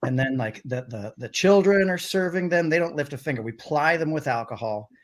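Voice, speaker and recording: A middle-aged man appears over a livestream video call as a guest on a comedy talk show, telling loose, rambling stories packed with "like" and "um." His voice is a little high, expressive, and fairly quick, and the talk is a casual, anecdotal chat.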